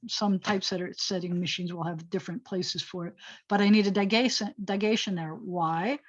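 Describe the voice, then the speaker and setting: Woman rabbi teaching over a video call. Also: medium pitch. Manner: thinks aloud while writing, self-correcting, chatty asides. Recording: slightly dull video call audio.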